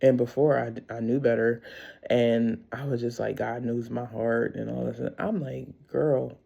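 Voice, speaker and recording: A woman's voice: very deep voice, steady tone, a little slow, vocal fry, warm tone, breathy edge, highs cut off. A middle-aged woman vlogging a casual faith talk, candid and rambling with frequent laughs.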